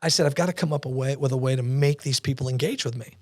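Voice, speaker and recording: A man telling his story as a podcast guest, animated and acting out the voices of people he quotes. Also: medium pitch, quick pace, no echo, clean studio sound. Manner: animated, acts out quoted dialogue. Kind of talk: storytelling interview talk. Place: podcast studio.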